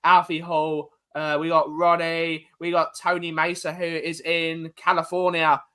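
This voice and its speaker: Hosting a laid-back football chat show, a young man greets viewers individually by name, keeping up friendly banter as he reads them out. He sounds high, pushed and bright, yet monotone and unhurried.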